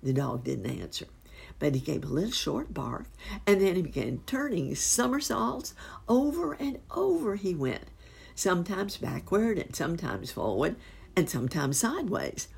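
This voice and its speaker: A woman reading a children's storybook aloud, with expressive, unhurried storytelling. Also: on the low side, gravelly, breathy edge. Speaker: narrator.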